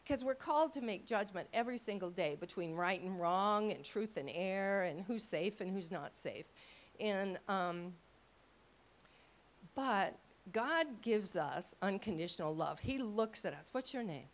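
Animated older woman teaching a congregation. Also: mid-range voice, unhurried. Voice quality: expressive, acts out quoted thoughts in lively voices. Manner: conversational, checks in with listeners. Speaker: ministry teacher. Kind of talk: teaching talk to a live audience.

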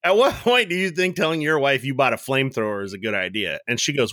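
A man's voice: medium pitch, lively intonation, quick pace, bright, forceful tone, dry recording, studio quality. A man co-hosting a casual podcast, telling rambling stories with lots of fillers and restarts. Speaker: podcast co-host.

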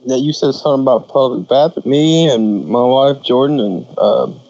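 A man's voice: mid-range voice, expressive, moderate pace, creaky, mellow, dry recording, muffled recording. Blunt, crude-joking man on a podcast. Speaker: podcast co-host. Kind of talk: casual chat.

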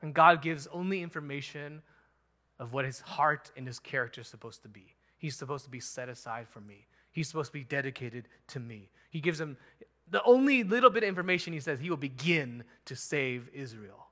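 A man preaching a sermon as pastor, animated and emphatic, chuckling now and then. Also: on the high side, brisk.

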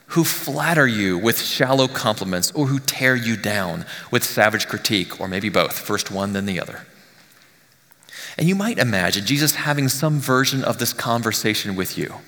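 Bright-voiced man preaching in a reverberant church. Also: mid-range voice. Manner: conversational preaching, drops to near whisper on key lines. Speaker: pastor. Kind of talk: sermon. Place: church sanctuary.

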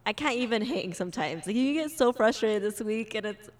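A woman's voice: mid-range voice, lively intonation, brisk. A young woman co-hosting a married couple's podcast, chatting casually and laughing often as she talks. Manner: giggly, laughs often while talking. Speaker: podcast co-host. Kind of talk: casual chat.

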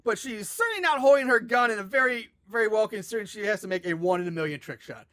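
High bright-voiced man recapping a movie. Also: fast, dry recording, clean studio sound. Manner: animated, sarcastic, swears freely. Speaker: podcast host recapping a movie. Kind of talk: casual comedic movie recap.

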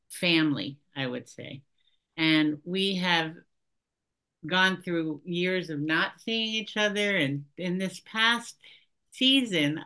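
Bright-voiced, playful woman co-host. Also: fairly low pitch. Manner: chatty and playful, with frequent laughs. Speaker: podcast co-host. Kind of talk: casual podcast chat.

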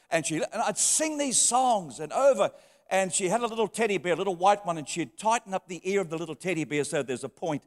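A middle-aged pastor with a notably high voice gives an animated, heartfelt sermon at a fast pace, telling personal stories. He sinks to soft tones, then lifts again, his words echoing with long reverb through a church hall.

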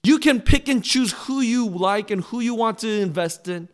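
A middle-aged pastor preaching an earnest, pleading sermon in a fairly high voice. He pushes louder on the phrases he wants to land and leans into direct questions to his listeners. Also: moderate pace. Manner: drops to a soft, low close in prayer.

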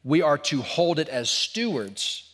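A man preaching a sermon to a room full of people. His voice sits a little high for a man, and he turns animated, playing out sarcastic asides before dropping low and intense. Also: a little slow. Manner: animated, acts out sarcastic asides then drops to a hushed, intense tone. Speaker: pastor. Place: church sanctuary.

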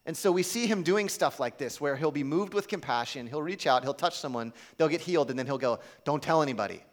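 A man's voice: fairly high pitch, fairly quick. A man preaching a sermon in a casual, conversational way, acting out the quotes he tells. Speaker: pastor.

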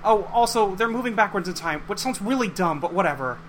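A man's voice: high voice, lively intonation, fairly quick, fairly bright tone, a little hiss or hum. A man voicing an upbeat, goofy teenage boy who talks in a casual, teasing way. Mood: playful.

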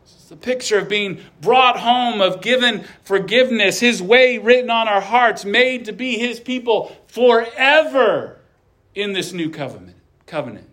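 A man's voice: high-pitched, expressive, measured pace, a bit bright. A male pastor preaching an earnest sermon, with light asides of humor.

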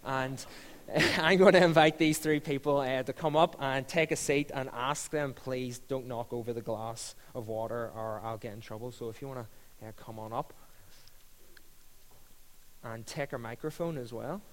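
A man's voice: medium pitch, normal speed, a little hiss or hum. A man hosting a church panel, jokey and upbeat. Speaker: host. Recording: long reverb of a hall.

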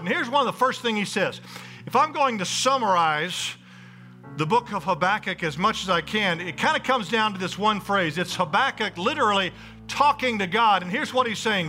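Bright, emphatic preaching man. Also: sits high, rough recording. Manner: emphatic preacher, calls out to the congregation. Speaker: pastor. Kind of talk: sermon. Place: church sanctuary before a congregation.

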